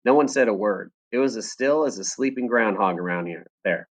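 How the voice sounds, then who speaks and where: A man's voice: lowish voice, brisk. Man reading a novel aloud to class. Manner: expressive storytelling with lively voices.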